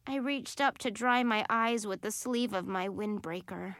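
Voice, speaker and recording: A woman reading a first-person children's book aloud in an animated, expressive way. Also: mid-range voice, a little slow, no room sound, clean studio sound. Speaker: audiobook narrator.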